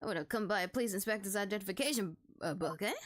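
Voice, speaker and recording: A woman's voice: mid-range voice, very fast, background noise, close to an everyday voice. Woman putting on a folksy London peddler man. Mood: defensive. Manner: gruff, folksy, ends lines with "eh?" and "lad". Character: rough-talking male London street peddler. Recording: game music behind voice.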